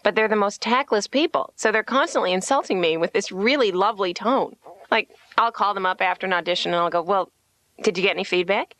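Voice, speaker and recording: Bright, wry comedian woman. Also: mid-range voice, brisk. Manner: wry, self-deprecating, animated storytelling. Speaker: comedian as patient. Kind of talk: stand-up style monologue.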